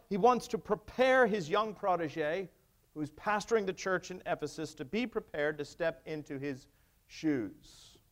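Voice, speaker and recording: A male pastor preaching a sermon, emphatic and wry, asking the congregation rhetorical questions. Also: sits high. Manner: wry humor.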